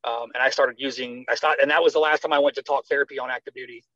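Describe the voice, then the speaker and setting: Animated American man telling his story. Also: medium pitch, rapid-fire, no room sound. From United States. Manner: animated, acts out quoted dialogue. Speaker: guest, retired army medic. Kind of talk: conversational storytelling interview. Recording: slightly dull dry sound.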